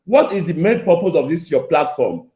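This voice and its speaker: A male caller with a fairly high voice, heard on an echoey, muffled line. He is insistent and repetitive, talking over the host as he presses his complaint. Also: big pitch swings, moderate pace, warm tone. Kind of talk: angry call-in complaint. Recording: echoey lo-fi phone call.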